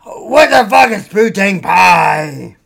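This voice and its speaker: A boastful, thick-headed wrestler roars in a strained, gravelly voice. He speaks slowly and at a high pitch, with a rough edge on every shout. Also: animated, exaggerated voice. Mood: confused. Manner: bellowing, growled catchphrases. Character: loud dim-witted male wrestler guest, boastful.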